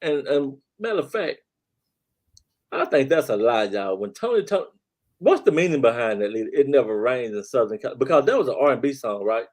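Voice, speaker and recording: A man hosting a casual live-stream talk show, speaking. His voice is mellow and dark at an ordinary pitch. He talks in an easy, laid-back way, sprinkling "man" and "y'all" throughout. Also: expressive, fairly quick. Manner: laid-back, repeats "man" and "y'all", reads chat aloud.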